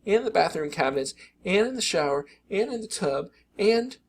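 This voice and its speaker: A man putting on a frantic high-voiced mom. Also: sing-song, moderate pace, husky, heavily acted. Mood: puzzled. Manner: high, pleading, panicky. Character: frantic fussing mother of a toddler.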